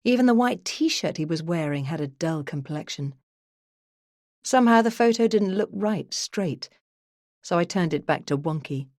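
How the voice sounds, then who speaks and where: A woman with a lowish voice reads a first-person true crime audiobook in the voice of a detective. Her delivery is measured and even, close to the mic in a dry studio with no room sound. It is steady, unhurried storytelling. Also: no room sound. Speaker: audiobook narrator.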